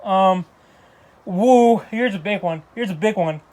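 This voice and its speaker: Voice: mid-range voice, unhurried, a little mellow. A movie reviewer ranting casually, exasperated and rambling with lots of restarts. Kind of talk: casual spoken film review.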